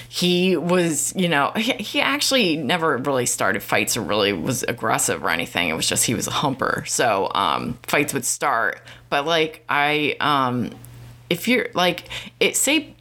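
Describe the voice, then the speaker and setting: Woman vlogger, low voice, venting in a rambling, profane, irritated rant. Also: fairly bright tone. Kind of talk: casual ranting monologue.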